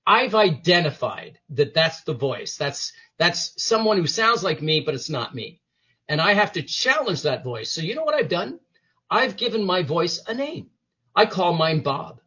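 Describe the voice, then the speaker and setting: A man's voice: a little high, very animated, normal speed, sharp tone, slightly rough, highs cut off. A man being interviewed as a guest, giving motivational talk and acting out the inner voices and quotes he describes. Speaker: interview guest, former police detective.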